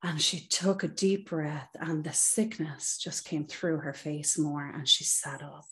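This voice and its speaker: A woman's voice: low voice, measured pace, a bit bright. A woman, a psychotherapist guest on a podcast, telling her personal story in an earnest, reflective way with many "you know"s. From Ireland.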